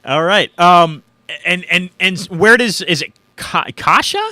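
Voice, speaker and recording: A man hosting a casual interview, asking halting questions with stammered restarts. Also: high-pitched, animated, bright, forceful tone, no echo, studio quality. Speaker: podcast host.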